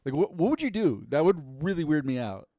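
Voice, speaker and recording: A man co-hosting a podcast in casual chat, playful and quick to riff on jokes. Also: fairly high pitch, big pitch swings, warm tone, no echo. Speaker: podcast co-host.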